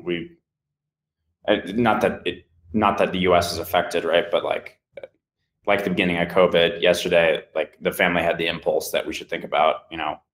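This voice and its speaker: A man's voice: sits low, a bit bright, roomy sound. A man hosting a podcast, talking in a thoughtful, rambling casual chat.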